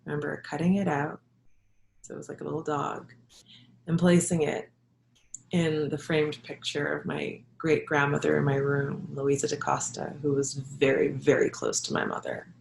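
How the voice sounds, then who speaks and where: A woman with a low voice, roughened by vocal fry, tells a personal story from her childhood. She talks reflectively and haltingly, with soft laughs. Her voice echoes around the room. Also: flat delivery, slight background noise. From Jamaica. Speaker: holistic health practitioner and yoga instructor.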